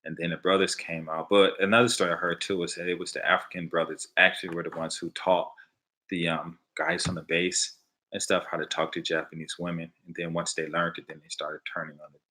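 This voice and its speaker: A man from Los Angeles speaks with an American accent in a low, deep register. His tone is bright and forceful. He tells casual stories in an animated way and slips into the voices of the people he quotes. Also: brisk. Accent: American English. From Los Angeles, USA. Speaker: vlogger answering viewer questions. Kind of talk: casual storytelling.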